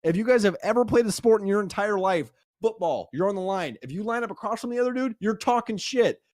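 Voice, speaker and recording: Podcast dude going off, swearing nonstop, a bit high voiced, dry close sound. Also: male voice, animated, quick pace, a little mellow, no room sound. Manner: profane, emphatic ranting. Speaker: podcast co-host. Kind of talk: casual podcast chat.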